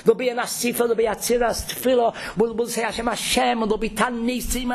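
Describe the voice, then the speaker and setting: Speaking very quickly with few pauses, a man in a very high, gravelly voice with little pitch movement delivers an informal religious talk to a gathering. As the teacher, he narrates his lesson with emphasis. He frequently repeats words and restarts, then carries on.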